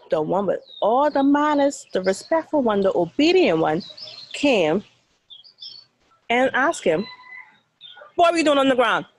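A woman's voice: mid-range voice, rough recording. A Bahamian woman, a teacher, telling a dramatic story to children with sound effects and then asking questions.

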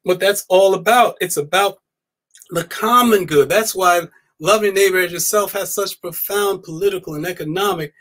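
A man speaking as a guest scholar in a live-stream interview, emphatic and animated, often repeating his key words. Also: high voice, moderate pace.

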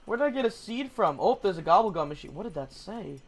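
A young man runs a gaming channel, commenting on gameplay in a high, fast voice that's casual and excitable. When something startles him, he swears.

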